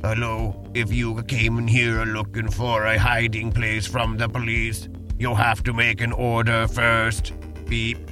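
A man's voice: medium pitch, completely flat delivery, a little slow, music in the background, voice pushed down, close to an everyday voice. A man voicing a pushy male robot pizzeria owner with a fake Italian robot accent, ending lines with "beep".

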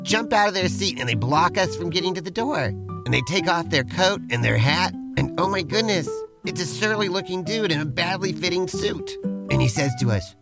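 An upbeat man hosts comedy banter in a slightly high, gravelly voice. His pitch bounces widely as he playfully pushes his partner around. He sounds teasing and improvised. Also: lively intonation, moderate pace, loud music behind the voice. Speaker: co-host.

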